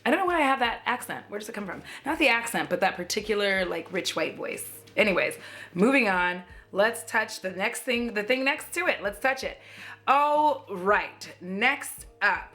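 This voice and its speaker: A bright, clear-toned American woman talking to camera in a loose, joking vlog style. She rambles, swears casually and laughs at herself as she reviews makeup. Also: medium pitch, animated, normal speed, soft background music. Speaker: beauty YouTuber.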